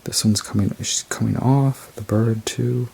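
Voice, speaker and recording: A man casually reviewing a tarot deck, rambling and unhurried as he describes each card. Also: medium pitch, steady tone, gravelly, dark tone, slightly rough. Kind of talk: casual show-and-tell review.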